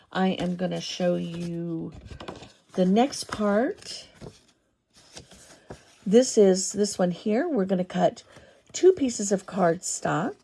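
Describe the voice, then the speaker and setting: Woman craft host: heavy vocal fry, mellow tone, demonstrating step by step. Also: mid-range voice. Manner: step-by-step, unhurried, thinking aloud. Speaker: papercraft tutorial host.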